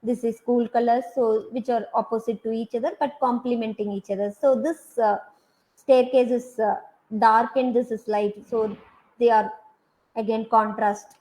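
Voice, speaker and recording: A woman's voice: a little high, steady tone, moderate pace, darkish tone, rough recording. A woman with an Indian English accent giving a university design lecture, talking through slide examples with many hesitant fillers.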